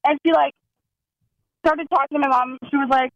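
A young woman telling a story in casual chat, excitable and full of "like"s. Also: sits high, moderate pace, no echo, highs cut off. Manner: excitable, many "like"s.

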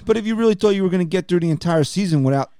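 A man co-hosting a sports podcast in casual chat, asking questions and calmly reasoning things out. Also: high-pitched, very fast, clean tone, dry recording, studio quality. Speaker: podcast co-host.

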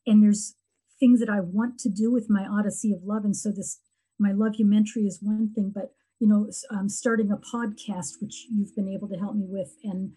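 A middle-aged woman talking earnestly and reflectively in a heartfelt conversation, often pausing and restarting. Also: mid-range voice, steady tone, dark tone, breathy edge, rough recording. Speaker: guest sharing her grief story.

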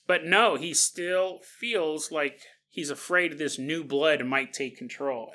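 A man's voice: on the high side, takes it slowly, few pauses, a bit bright. A man hosting a podcast, rambling through a comedic monologue and slipping into silly voices. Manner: rambling, jokey, slips into silly put-on voices. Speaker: podcast host.

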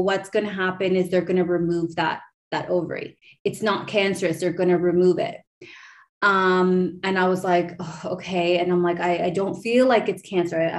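A woman in her thirties hosting a podcast, telling a personal story in a chatty way, full of fillers and restarts. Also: on the low side. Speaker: podcast host.

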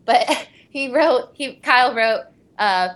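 A young voice actress on a convention panel tells rambling stories full of fillers and giggles in casual panel talk. Her voice is fairly high and animated, with a slow pace and a fairly bright tone.

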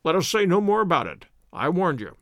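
Man reading a keen brisk detective, crisp, earnest, measured, high lively voice. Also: dry recording, heavily acted. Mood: earnest, wary.

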